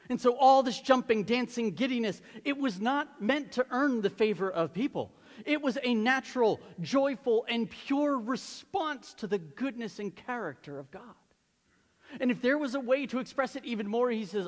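A male pastor preaching a sermon, animated and emphatic, asking the congregation rhetorical questions. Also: very high-pitched, moderate pace. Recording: long hall reverb.

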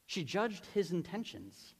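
Male pastor, emphatic sermon delivery, pitch swooping widely, church reverb trailing behind. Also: unhurried, gravelly, husky. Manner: animated preaching with rhetorical questions to the congregation. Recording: long hall reverb.

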